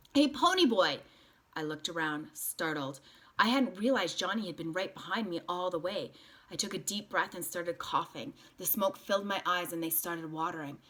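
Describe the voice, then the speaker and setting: A woman's voice: fairly low pitch, fairly bright tone. Woman reading a novel aloud.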